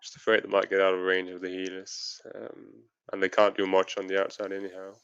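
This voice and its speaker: A man leading raid tactics over voice chat, measured and hedging as he thinks aloud. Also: low voice, completely flat delivery, a bit bright, clear, resonant tone, dry recording, muffled recording. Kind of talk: casual voice chat strategy talk.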